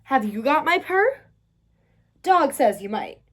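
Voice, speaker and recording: Woman reading as a little kitten, plaintive, high, lively lilt, storybook. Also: slow pace, exaggerated voice. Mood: earnest. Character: sad determined little female kitten.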